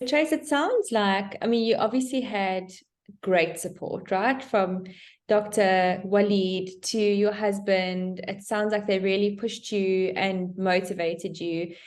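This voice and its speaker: A woman's voice: mid-range voice, steady tone, slow pace, darkish tone. A woman hosting an interview, supportive and asking long, open questions. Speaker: interview host. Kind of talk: conversational interview.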